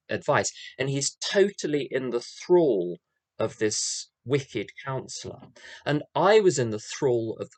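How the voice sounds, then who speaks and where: Speaking at an AA meeting in a meeting room, an older man from England shares his story of recovery openly and pokes fun at himself, leaning on rhythmic repeated phrases. His pitch is medium, with no room sound in the recording.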